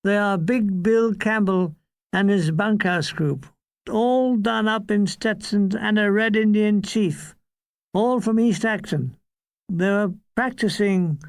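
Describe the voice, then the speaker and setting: An older man reading his own comic war memoir in a wry, deadpan way. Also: sits high, slow, no echo.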